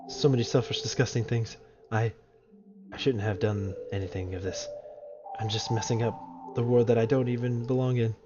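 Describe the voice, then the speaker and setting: A man voicing a distraught young female game character, reading her dialogue aloud in a raised falsetto over dull lo-fi stream audio. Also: steady tone, moderate pace, over loud music, close to an everyday voice. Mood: remorseful.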